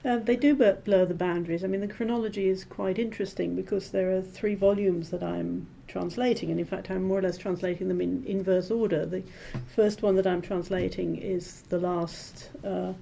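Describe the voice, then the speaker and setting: A woman translator being interviewed, explaining her work in a measured, thoughtful way with frequent pauses and ums. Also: medium pitch, steady tone, creaky, dark tone, a little hiss or hum. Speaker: literary translator, interview guest. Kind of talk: thoughtful academic conversation.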